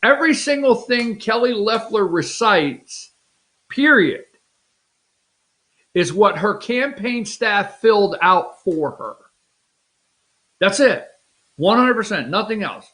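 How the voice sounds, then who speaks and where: A man's voice: sits high, animated, takes it slowly, long pauses, a bit bright. A man hosting a political talk show, rambling and mocking in an off-the-cuff way. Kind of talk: casual political commentary.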